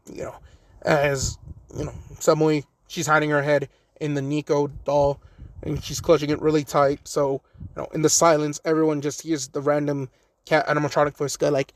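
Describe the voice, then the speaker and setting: Male narrator, casual fan-story telling, rambly, slightly high voice, dry close mic. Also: flat delivery, moderate pace, dry recording. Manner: rambling, many "you know" fillers.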